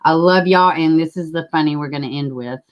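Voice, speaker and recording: Woman, livestream host, low-pitched, rambling and chatty, swears freely. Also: a little fast. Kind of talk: casual livestream chat.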